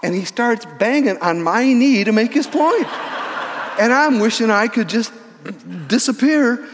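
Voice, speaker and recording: A man in his sixties telling a story in a sermon, animated, often restarting his words. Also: very high-pitched, measured pace, noisy background. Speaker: pastor. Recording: reverberant church hall.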